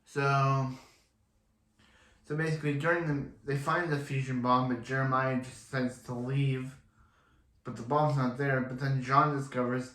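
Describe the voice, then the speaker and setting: A man's voice: mid-range voice, flat delivery, measured pace, a bit bright, reverberant. A man casually recapping a TV episode, rambling and often restarting his sentences. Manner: rambling, repeats and restarts himself. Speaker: TV episode reviewer.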